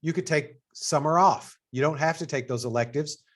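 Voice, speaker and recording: A middle-aged man with a Texas accent, hosting an information session as assistant dean. He talks in an upbeat, conversational way and jumps up in pitch to stress his points. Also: moderate pace, fairly bright tone. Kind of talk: presentation to prospective students.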